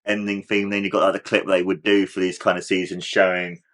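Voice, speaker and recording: A man's voice: low voice, little pitch movement, a little fast, fairly bright tone. A man hosting a casual reaction video, talking in a rambling, enthusiastic way with lots of "like" fillers. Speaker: host of a reaction channel.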